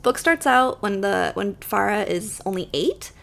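A woman from Long Island, co-hosting a podcast and recapping a book in fast, casual chat with frequent laughs. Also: medium pitch, expressive, vocal fry, fairly bright tone. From Long Island, New York. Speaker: podcast co-host.

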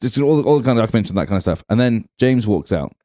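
A man hosting a comedy podcast, with a lively voice that rises and falls a great deal. He keeps the talk playful and questioning. The recording is close and dry. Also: fairly low pitch, quick pace, no room sound. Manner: animated, playful, asks questions. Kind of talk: casual comedy chat.

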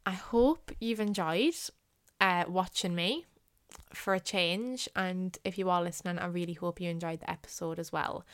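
Woman, young adult, podcast host, earnest, repetitive, lowish voice, dry close recording. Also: clean tone, no room sound. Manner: earnest, repeats points for emphasis. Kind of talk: casual solo podcast talk.

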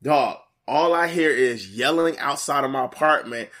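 A man casually telling a story in slang, animated, jumping to a higher voice when he quotes people. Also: normal speed.

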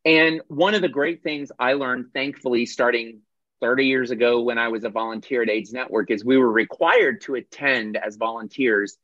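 A man's voice: medium pitch, normal speed, fairly bright tone, dry recording. A man leading a workshop on a video call, teaching in a conversational way and correcting himself as he goes. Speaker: workshop leader. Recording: dull dry video-call audio.

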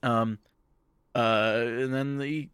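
A man's voice: mid-range voice, fairly even intonation, extremely slow, a bit bright, clear, resonant tone, dry recording, studio quality. Rambling young man recapping casually. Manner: rambling, profane, lots of fillers. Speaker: podcast co-host.

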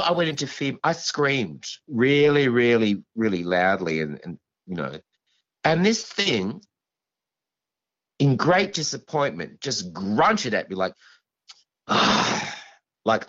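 A man being interviewed as a guest, telling a story in a halting, rambling way, full of restarts and asides. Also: mid-range voice, sing-song, fairly bright tone, dull audio.

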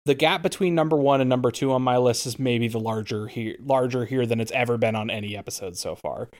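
A man co-hosting a podcast in casual chat, measured and agreeable, hedging his opinions. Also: mid-range voice, a little mellow. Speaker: podcast co-host.

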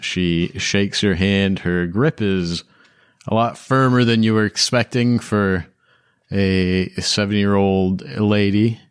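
A man narrating as the game master of a tabletop game, describing scenes in a measured way. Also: fairly low pitch, smooth, no echo, clean studio sound.

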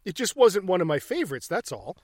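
A podcast co-host, a man, talks in blunt, profane casual chat and laughs often. His voice sits a little high, and the recording is dry and close. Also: big pitch swings, brisk, no echo.

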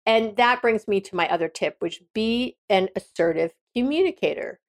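A woman's voice: medium pitch, normal speed. A woman hosting an advice podcast, talking frankly and directly in a casual monologue with frequent restarts. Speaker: podcast host.

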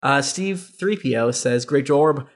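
A man hosting a podcast, reading listener reviews aloud with quick asides and laughter. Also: medium pitch. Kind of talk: casual podcast chat.

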